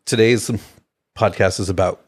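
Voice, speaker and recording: Young guy cohost, teasing and laid-back, fairly low voice. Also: fairly even intonation, moderate pace. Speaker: podcast co-host. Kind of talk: casual chat.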